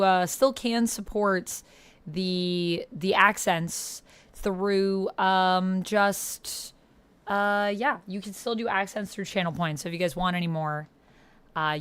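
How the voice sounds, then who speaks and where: A woman's voice: mid-range voice, smooth, no echo. A young woman streamer chatting casually with her viewers and reading their messages aloud. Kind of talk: casual livestream chat.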